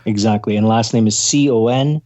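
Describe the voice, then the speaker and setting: A man's voice: fairly low pitch, fairly quick, dark tone, no echo. A man, an author guest on a radio show, answering with many hesitant fillers. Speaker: author and spiritual counselor guest. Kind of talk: radio interview.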